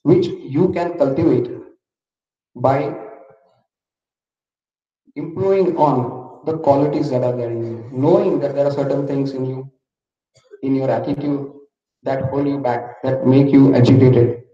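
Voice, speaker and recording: A man's voice: mid-range voice, fairly even intonation, a little slow, long pauses, warm tone. A man with an Indian English accent giving a motivational talk, telling a story and asking the audience questions. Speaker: motivational speaker. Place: large hall. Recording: echoey hall from far off, dull.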